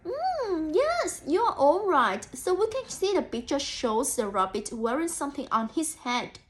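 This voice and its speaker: Unhurried and high-pitched, this young woman's voice swings widely in pitch as she reads a picture book to kids. She's a student teacher offering encouraging thoughts aloud to imagined children, sprinkled with "so" and "mm."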